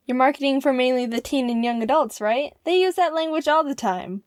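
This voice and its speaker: Excitable woman telling a funny story. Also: sits high, fairly quick, few pauses, no room sound, studio quality. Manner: excitable, jokey, with sudden loud outbursts. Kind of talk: animated storytime narration. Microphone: voice-over.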